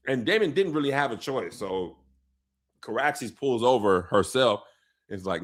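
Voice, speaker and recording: A man hosting a comedic recap of a TV episode, telling the story in animated slang and putting on playful voices for the characters. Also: mid-range voice, normal speed. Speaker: show recap host.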